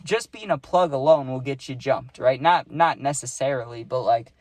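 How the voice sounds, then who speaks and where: A man's voice: medium pitch, normal speed, no echo. A young man telling a casual storytime, rambling with lots of "like" and "right?", and swearing freely.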